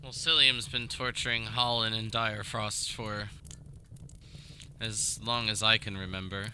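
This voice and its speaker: A man's voice: on the low side, level tone, unhurried, pushed and bright, slight background noise. A man voicing a grateful townsman with dry, wry remarks, while game master.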